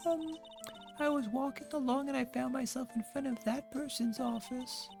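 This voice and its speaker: A woman voicing a shy, polite little girl who speaks timidly and hesitates with soft fillers. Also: high-pitched, steady tone, moderate pace, gravelly, over music.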